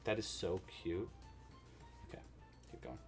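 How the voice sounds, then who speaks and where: A man's voice: sits low, animated, unhurried, breathy edge, faint music behind. A man hosting a casual crochet-along livestream, chatty and thinking aloud as he works.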